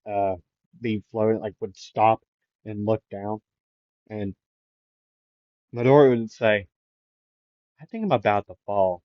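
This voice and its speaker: A man's voice: mid-range voice, no room sound. A man improvising a fan what-if story, rambling with many fillers and restarts, in a dull, lo-fi recording. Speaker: anime channel host.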